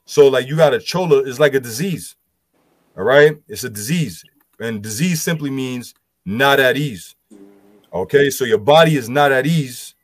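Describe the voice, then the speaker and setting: A man's voice: mid-range voice, moderate pace, dry recording. Man, casual scripture teaching, loose and conversational, dry close mic. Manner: loose, conversational, frequent "you know" fillers. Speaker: group discussion speaker.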